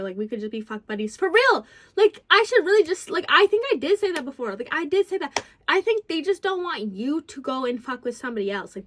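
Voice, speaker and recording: A young woman telling her followers a story in a casual, rambling vent, packed with "like" and swinging between low mutters and loud exasperated bursts. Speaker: vlogger. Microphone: phone close by.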